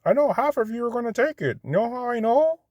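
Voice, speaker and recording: A man mimicking a smug preacher in a high, shrill voice to mock him. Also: lively intonation, fast talker, no echo, highs cut off.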